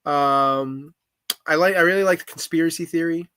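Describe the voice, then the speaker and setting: A man's voice: fairly high pitch, moderate pace, pushed and bright, clean tone, no room sound, studio quality. A man co-hosting a podcast in casual chat, talking with many fillers and restarts. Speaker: podcast co-host.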